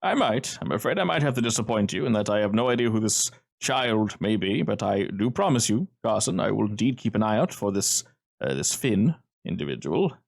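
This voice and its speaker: A man's voice: fairly low pitch, very animated, fairly quick, creaky, exaggerated voice. A man voicing a polite, guarded village man who speaks in formal, hedging phrases.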